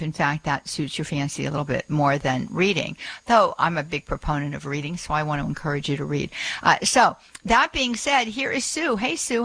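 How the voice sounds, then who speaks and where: Woman radio host, bright crisp tone, dry studio mic, rambling friendly delivery. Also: low-pitched, dry recording, low-quality recording. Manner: chatty, many fillers and restarts. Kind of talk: radio talk show.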